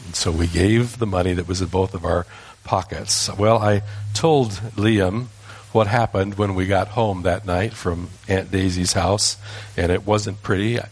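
An older man, a grandfather, telling a family story from his childhood in a folksy, unhurried way. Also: low voice, steady tone, husky. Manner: folksy, unhurried, with small restarts. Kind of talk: personal storytelling.

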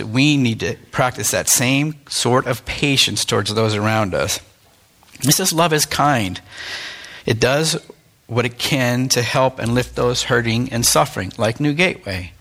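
A man's voice: mid-range voice, a bit bright. A middle-aged man, a pastor, giving a candid, plain-spoken, conversational sermon with self-deprecating asides.

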